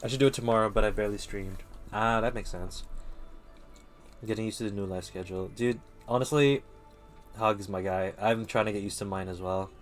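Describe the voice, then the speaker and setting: A man's voice: fairly low pitch, fairly even intonation, a little fast. A man streaming, casually chatting with his viewers in a loose, slangy way. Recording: faint music behind.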